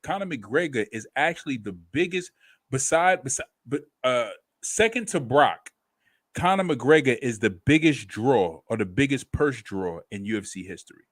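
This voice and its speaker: A man co-hosting a casual talk show, animated and reading out viewer comments. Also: medium pitch, normal speed. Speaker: podcast co-host. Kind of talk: casual chat.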